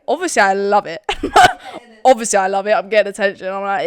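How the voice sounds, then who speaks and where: A woman's voice: medium pitch, fairly even intonation, quick pace, smooth, dry recording. A young Scottish woman co-hosting a podcast, chatting casually, swearing freely and laughing often. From Scotland. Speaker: podcast co-host. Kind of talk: casual chat.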